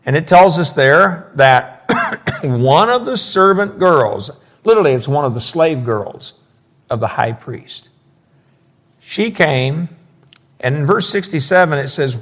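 A man's voice: medium pitch, animated, unhurried. A man preaching a verse-by-verse sermon, explaining scripture with emphatic, folksy asides.

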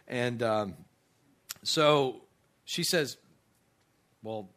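Middle-aged male pastor, bright and forward tone, animated storyteller who stumbles and restarts often. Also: medium pitch, moderate pace. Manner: animated storyteller, quotes others in lively voices, many restarts. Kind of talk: sermon storytelling.

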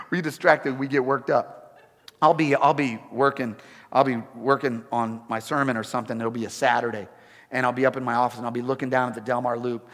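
High-voiced preacher with lively delivery. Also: male voice. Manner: animated, repetitive, humorous asides. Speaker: pastor. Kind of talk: sermon. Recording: echoey hall.

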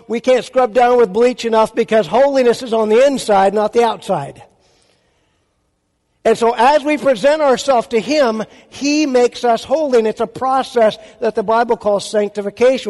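Man, pastor, very high voice, emphatic sermon delivery, rhetorical questions, long reverb. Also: darkish tone.

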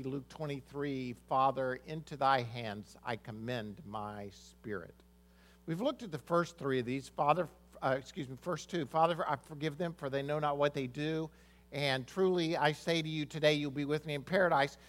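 A man preaching a Sunday sermon as pastor, reading scripture and explaining it in an earnest way, often repeating words as he restarts. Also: fairly high pitch.

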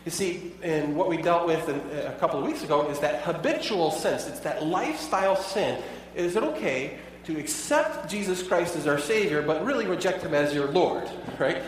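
A man's voice: a little high, lively intonation, moderate pace, hardly any pauses, slight background noise. A pastor preaching a sermon in a conversational way, asking his listeners many rhetorical questions. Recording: echoey hall, voice from far off.

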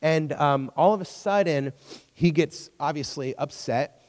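A man's voice: fairly high pitch, unhurried, a little mellow, long reverb tail. A man giving a casual, conversational sermon to young listeners, retelling a story and acting out its characters along the way.

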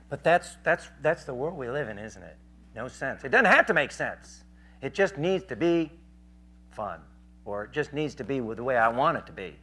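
A man's voice: mid-range voice, moderate pace, husky. A man preaching a sermon, telling stories in a rambling conversational way with many fillers and acting out the people in them. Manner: animated, acts out the people in his stories. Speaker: street preacher. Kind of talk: sermon with storytelling.

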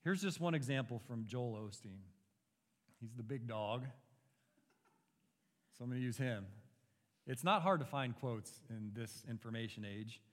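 A man's voice: mid-range voice, animated, measured pace, pauses often, big-room sound. A man preaching an expository sermon as a pastor, earnest and emphatic, pushing his rhetorical questions upward.

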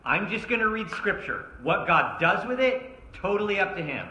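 A man's voice: high voice, very animated, measured pace, pushed and bright, slight background noise. A man preaching a sermon at a church service, emphatic and asking his listeners one rhetorical question after another. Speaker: pastor. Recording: roomy echo.

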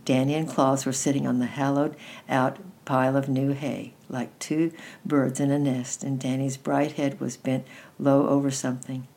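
A woman reading a children's book aloud in a gentle, unhurried way, with small restarts. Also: a bass voice, level tone, gravelly. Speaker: storyteller.

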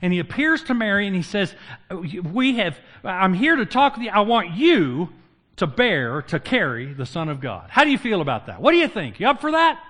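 A man's voice: high-pitched, moderate pace. A man preaching a sermon, retelling Bible stories and acting out the characters with humor. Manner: lively, acts out biblical characters with humor. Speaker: pastor.

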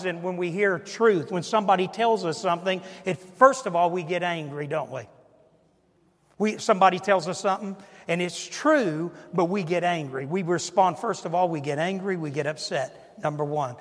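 A man's voice: high-pitched, normal speed, in a large hall. A male pastor preaching a sermon, stressing his points and asking the congregation rhetorical questions.

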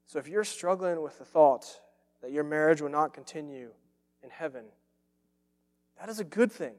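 A man's voice: on the high side, normal speed, a little mellow. Earnest preaching man in a reverberant hall. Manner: earnest, emphatic preaching with repeated phrases. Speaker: pastor. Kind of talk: sermon.

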